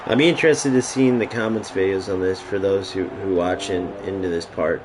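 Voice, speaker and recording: A man's voice: sits low, fairly quick, noisy background. A man streaming a game, ranting casually and profanely to his chat. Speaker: gaming streamer.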